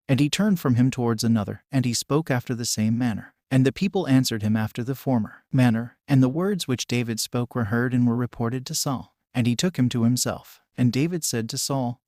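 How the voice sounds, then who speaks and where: A man's voice: medium pitch, no room sound. Man reading scripture, dry and close. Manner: measured, even reading. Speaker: audiobook narrator.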